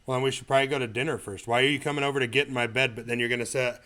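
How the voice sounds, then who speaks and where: A man's voice: medium pitch, steady tone, racing, pushed and bright. A man co-hosting a comedy podcast, ranting bluntly with plenty of profanity. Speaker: podcast co-host. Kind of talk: casual comedy podcast chat.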